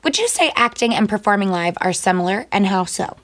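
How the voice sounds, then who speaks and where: A woman, a singer and actor, answering interview questions in a chatty, playful way and firing off quick one-word replies. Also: medium pitch, lively intonation.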